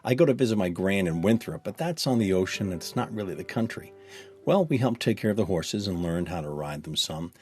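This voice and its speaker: A man's voice: low voice, expressive, fairly quick, a little mellow, soft background music. A man reading aloud a first-person children's story in a chatty, kid-like storytelling voice. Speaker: narrator.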